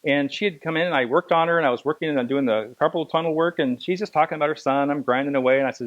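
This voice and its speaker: Fast-talking male massage instructor. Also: on the high side, lo-fi sound. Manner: fast, anecdotal, demonstrating while talking. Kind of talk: hands-on lecture demonstration.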